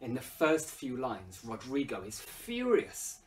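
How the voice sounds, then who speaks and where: Expressive English male literature teacher. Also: medium pitch, slow, recorded from a distance, slight background noise. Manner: expressive, rises loudly when quoting lines. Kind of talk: lesson commentary with dramatic readings.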